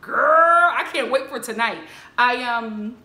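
A woman casually recapping a reality show, mimicking the cast members with bright put-on voices. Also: slow, echoey room. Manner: animated, mimics the people she recaps in a higher voice. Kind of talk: casual commentary.

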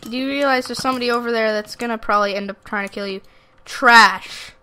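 A woman doing rambling, excitable gameplay commentary, chatting to viewers and heckling opponents. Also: fairly high pitch, fast talker, clear, resonant tone. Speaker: gaming YouTuber.

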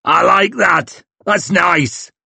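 A man voicing a huge grey-bearded Northman war leader who speaks slowly and sounds menacing. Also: lively intonation, vocal fry, bright, forceful tone, slightly rough, no room sound, full character voice. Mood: amused. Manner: slow rumbling delivery with a booming laugh. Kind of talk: audiobook character voice.

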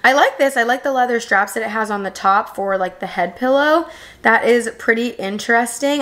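A woman's voice: mid-range voice, a bit bright. Young adult woman, upbeat vlogger, raves over every piece in a chatty voice-over. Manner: gushing, enthusiastic. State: new mother. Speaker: home decor vlogger. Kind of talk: voice-over product review.

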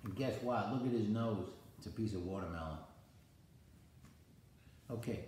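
An older man, a grandfather, playfully reading a picture book aloud to his grandchild, with sudden high exclamations. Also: normal speed, darkish tone, very echoey, a little hiss or hum.

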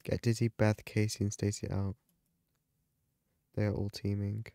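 A man's voice: fairly low pitch, monotone, moderate pace, creaky, mellow, clear, resonant tone, no room sound. A man giving live gaming commentary, dramatic and panicky, often exclaiming and laughing. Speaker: gaming video creator.

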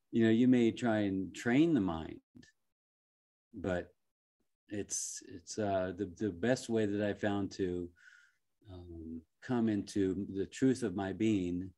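A man working as a life coach, giving a gentle, reflective motivational talk with frequent soft chuckles and halting restarts. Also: low voice.

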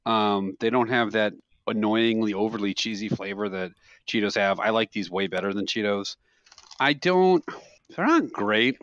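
A man co-hosting a podcast, telling stories in a casual, animated way and laughing often. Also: on the low side, normal speed, no room sound, highs cut off. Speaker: podcast co-host. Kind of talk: casual chat.

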